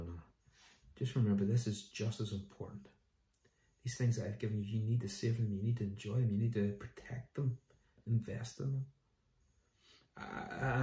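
A man's voice: medium pitch, roomy sound. A middle-aged man preaching a sermon as a pastor, telling stories and acting out the voices of the people in them. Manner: storytelling, animated with quoted voices. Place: church.

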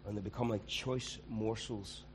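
A man's voice: fairly low pitch, fairly even intonation, moderate pace, noisy background. A man, preaching a conversational sermon and acting out quoted voices.

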